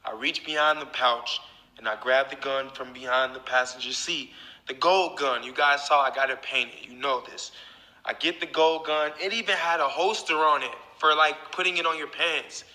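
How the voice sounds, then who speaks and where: A man with a piercingly bright voice, pitched a touch high, tells his viewers a story in loose, swear-heavy talk. His voice rings out with a long echo, as if he is filming in a reverberant room. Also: moderate pace. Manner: profane, talks straight to viewers. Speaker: YouTuber. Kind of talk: casual storytelling to camera.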